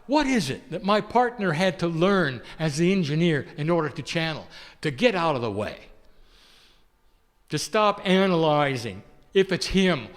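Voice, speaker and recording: A man channeling an ancient loving spirit entity that addresses listeners tenderly, asking rhetorical questions and chuckling softly. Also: a little high, close to an everyday voice. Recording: long hall reverb.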